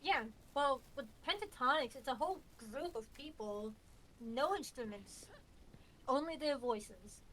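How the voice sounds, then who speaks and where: A woman hosting a livestream in casual chat, excitable and swearing, often tripping over her words. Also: sits high, a little slow, a little hiss or hum. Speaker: livestream host.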